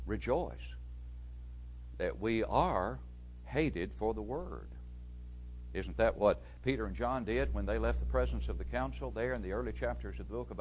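A man preaching a sermon, reading verses aloud and explaining them with strong stresses that drop away at phrase ends. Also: medium pitch. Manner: emphatic, with rising stresses and falling, quieter phrase ends; reads scripture aloud, then explains it.

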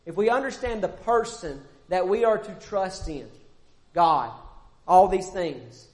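A man preaching a sermon, emphatic and repetitive, with pauses and self-corrections. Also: high-pitched, expressive, darkish tone.

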